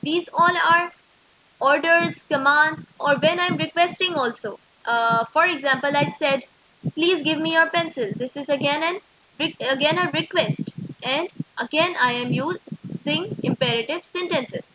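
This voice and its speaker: A woman teaching an English grammar lesson to schoolchildren, explaining slowly and methodically. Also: high voice. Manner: slow, explanatory, steady and methodical. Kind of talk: recorded classroom lecture. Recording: dull lo-fi recording.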